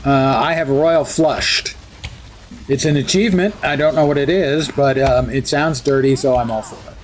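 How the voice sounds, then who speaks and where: A man's voice: mid-range voice, normal speed, slight background noise. A man giving casual, sarcastic commentary while livestreaming a game. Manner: sarcastic, wry asides to chat. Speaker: livestream gamer.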